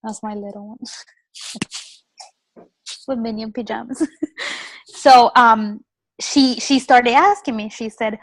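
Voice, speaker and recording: A woman on a group video call telling a story in a soft, chatty way. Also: on the high side, slow pace, long pauses, dry recording, rough recording. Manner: soft, chatty, laughs often. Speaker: team member on a call.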